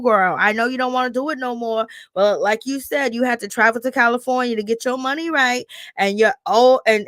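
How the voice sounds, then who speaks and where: A woman's voice: on the high side, dry recording, clean studio sound. Sassy woman dishing reality-show gossip. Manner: animated, sassy, retells scenes in quoted voices. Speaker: reality TV commentator. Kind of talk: casual gossip commentary.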